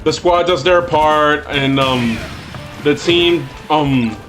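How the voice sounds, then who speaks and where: Male streamer, voice on the higher side, slow and halting, yells at the game, loud game music behind. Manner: halting, many um fillers and restarts; bursts into excited shouts at the game. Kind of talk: livestream gameplay chat.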